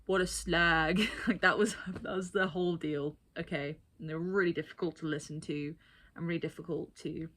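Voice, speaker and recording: A woman vlogging casually, telling an overheard story with animated, exasperated asides and mimicry. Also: low-pitched, brisk.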